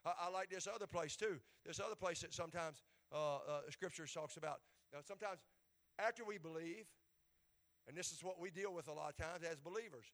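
A preacher man delivers a sermon in a high, ringing, bright voice. He stumbles over and repeats words as he works up to loud, shouted climaxes. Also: a little fast. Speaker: pastor.

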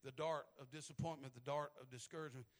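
A man preaching a sermon who tells stories in a low voice, then builds to shouting, often repeating words as he starts phrases. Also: fairly even intonation, quick pace.

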